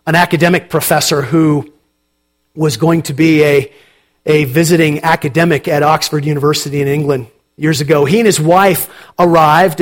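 With a fairly high-pitched voice, a man preaches a sermon as a pastor. He reads from scripture and then asks the congregation questions, keeping an unhurried, conversational tone.

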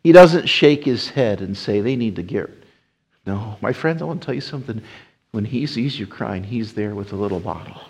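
A man preaching a sermon, rising to emphatic appeals and dropping to soft hushed passages. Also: on the low side, fairly quick, creaky, husky. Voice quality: whispers at times. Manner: swells loud and emphatic, then drops to a soft hush.

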